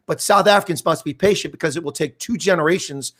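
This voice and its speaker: A man's voice: fairly high pitch, quick pace, a bit bright. An older man, a guest in a conversational interview, telling stories at length and often restarting his sentences. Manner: rambling storyteller, frequent restarts.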